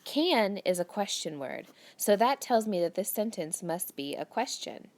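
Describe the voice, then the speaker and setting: Woman teacher going over a grammar worksheet with kids, lots of ups and downs in her voice, patient and clear. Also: mid-range voice, sing-song, unhurried, darkish tone. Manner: clear, patient, walks through worksheet aloud. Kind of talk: recorded grammar lesson for children.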